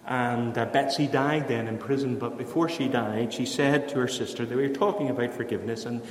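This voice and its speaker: A man preaching a sermon in an earnest way. He lifts his voice for emphasis and then drops to a hushed voice to tell a story. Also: mid-range voice, steady tone, brisk. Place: church. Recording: echoey church hall.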